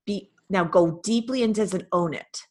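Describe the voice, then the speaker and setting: A woman's voice: medium pitch, moderate pace, darkish tone. A woman hosting a spiritual healing session, coaching a caller and guiding a visualization with direct, insistent instructions. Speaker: host and spiritual healer.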